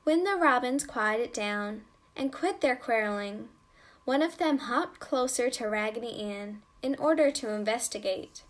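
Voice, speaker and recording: Slow, gentle woman storyteller. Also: on the high side, lively intonation. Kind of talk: children's story reading.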